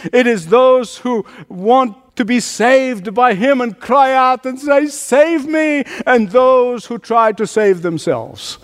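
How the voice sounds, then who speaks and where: A man's voice: very high-pitched, smooth, big-room sound. A man preaching a sermon as pastor, emphatic and repeating his phrases for force.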